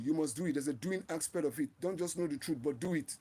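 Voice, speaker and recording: A man's voice: a little high, fast, hardly any pauses, warm tone, breathy edge. A man hosting his own channel, giving an impassioned, preachy live-stream talk and often repeating and restarting his phrases. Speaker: channel host.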